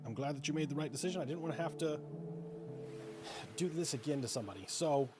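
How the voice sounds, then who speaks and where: A man's voice: a little high, quick pace, over music, close to an everyday voice. A man voicing a courteous, businesslike male harbor trader in a tabletop game. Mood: satisfied.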